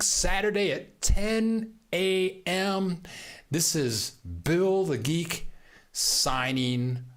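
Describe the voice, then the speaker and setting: A man's voice: a little high, a bit bright. An American man hosting a casual live stream, reading viewer comments and answering in a rambling way with many fillers, saying he is losing his voice. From United States. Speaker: YouTube host.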